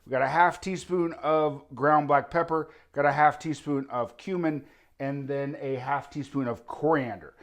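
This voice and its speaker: An upbeat man walks through a home cooking demonstration, his voice pitched a little high for a man. He sounds eager and chatty as he tastes and explains each step. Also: steady tone, normal speed. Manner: enthusiastic, talks while tasting and cooking. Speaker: cooking show host.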